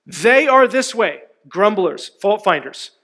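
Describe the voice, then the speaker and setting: A man's voice: sits high, sing-song, slow, fairly bright tone. A man preaching a sermon, emphatic and asking his congregation questions. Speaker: pastor.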